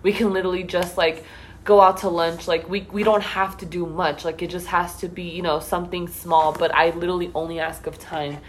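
A woman's voice: on the low side, flat delivery, brisk, a little hiss or hum. A young woman hosting a casual chat, talking earnestly and emotionally, close to tears. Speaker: host.

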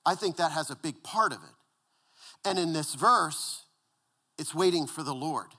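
A male pastor preaching a conversational sermon, repeating words and dropping to a hushed, low voice for emphasis. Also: a little slow, husky.

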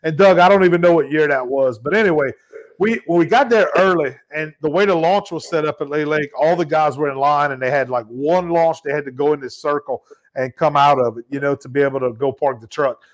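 Man, podcast host, animated storyteller, slightly high voice. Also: brisk. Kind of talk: casual storytelling chat.

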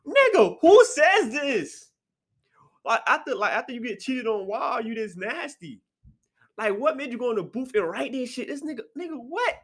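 Animated man with sharp high outbursts. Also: brisk, slightly rough. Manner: animated, jumps into sharp high outbursts then drops to low mutters. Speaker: podcast host. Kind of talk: casual solo podcast chat. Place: apartment room.

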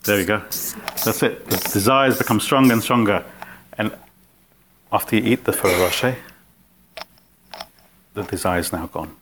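A man with a lowish voice leads a relaxed philosophy class. He talks conversationally and keeps putting questions to his students. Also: normal speed, pauses often, background noise. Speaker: spiritual teacher. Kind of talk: informal philosophy class talk.

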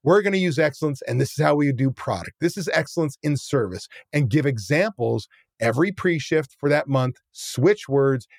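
Animated man telling a restaurant story. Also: on the high side, dry recording, clean studio sound. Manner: animated, acts out scenes with quoted voices; blunt, casual swearing. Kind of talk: casual chat, storytelling.

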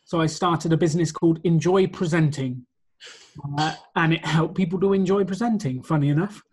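A man's voice: a little high, fairly quick, darkish tone, breathy edge. A man being interviewed about his work as a presentation coach, explaining his points in a confident, orderly way. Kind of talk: conversational interview.

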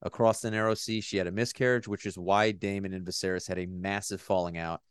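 A man talks through a TV episode with his co-host in loose, rambling chat, tossing in jokes and the occasional curse. His voice sits low, and the recording is dry and close with no room sound. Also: steady tone, fast, clean tone, no room sound. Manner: rambling, jokey, swears casually. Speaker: podcast co-host. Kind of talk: casual chat.

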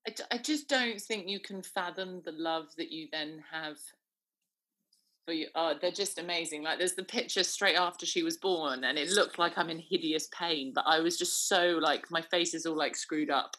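A woman's voice: low voice, normal speed, bright, forceful tone. A woman in her thirties co-hosting a podcast, chatting casually, often restarting her sentences and giggling. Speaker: podcast co-host. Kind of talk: casual chat.

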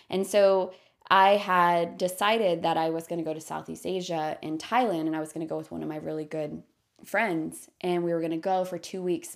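Chatty woman podcast host, lower voice. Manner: chatty, animated, many filler "like"s and self-corrections. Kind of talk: casual personal storytelling.

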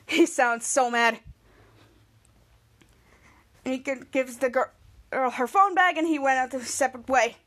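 A woman's voice: high-pitched, measured pace, pauses often, fairly bright tone. A woman hosting a podcast who casually recaps a TV episode, often restarting her sentences as she retells each scene. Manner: retells scenes with frequent restarts and quoted lines. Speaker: podcast host.

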